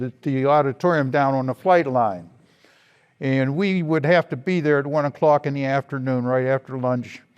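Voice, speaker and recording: An older man slowly and reflectively telling stories of his past in an oral history interview. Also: mid-range voice, a little mellow, clean tone, lo-fi sound. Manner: slow, reflective storytelling. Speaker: interviewee, veteran.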